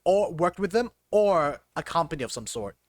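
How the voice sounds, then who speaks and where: A man's voice: big pitch swings, moderate pace, no room sound, clean studio sound. A man narrating as game master, rambling with fillers and laughing as he voices side characters. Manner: rambling, laughing, voicing NPCs with high squeals.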